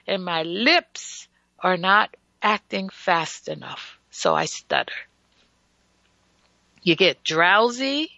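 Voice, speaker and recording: A woman's voice: a little high, creaky, bright, forceful tone, no echo, lo-fi sound. A woman hosting a casual radio health talk show, emphatic and folksy, who often stutters and restarts her sentences.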